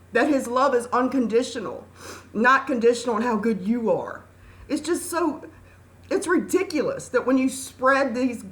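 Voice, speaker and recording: Middle-aged woman, channel host, fairly high voice, emphatic and preachy, scolds the audience. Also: fairly bright tone. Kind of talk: impassioned talk to camera.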